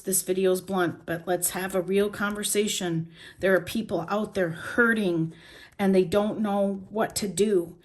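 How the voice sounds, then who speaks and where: A woman's voice: medium pitch, slight background noise. Woman planner vlogger, raw and blunt, shaken, heartfelt talk to camera, mid-range voice. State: shaken and emotional. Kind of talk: emotional journaling talk to camera.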